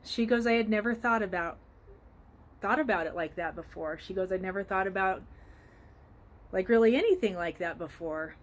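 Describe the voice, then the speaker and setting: A woman life coach talking earnestly outdoors in a casual motivational vlog, with frequent ums, filmed on a phone. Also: mid-range voice. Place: outdoors by a flowering tree.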